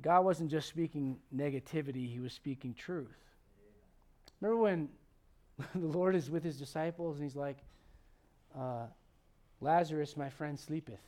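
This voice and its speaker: Preaching at a normal speed with long pauses, this pastor's notably high voice carries a relaxed, conversational sermon. He cracks jokes, quizzes the congregation, and shifts between loud, forceful stresses and near-muttered asides.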